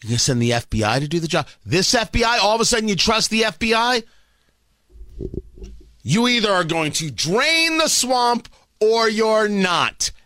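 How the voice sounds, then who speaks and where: A middle-aged man hosting a talk radio show, delivering a sarcastic, combative monologue that swings from low mutters to loud mocking outbursts into a studio mic. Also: sing-song, moderate pace, dry recording. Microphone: studio broadcast mic.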